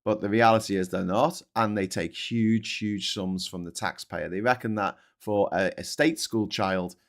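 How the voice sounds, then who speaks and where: A man's voice: fairly even intonation, normal speed. Swearing, ranting male show host. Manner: exasperated ranting, heavy swearing; swings between loud high outbursts and low mutters. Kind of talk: casual live-stream commentary.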